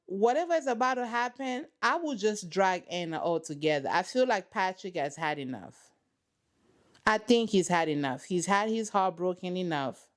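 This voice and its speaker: A woman's voice: lowish voice, animated, normal speed. A woman hosting a reaction channel, giving sassy, dramatic running commentary on a reality show from her couch at home.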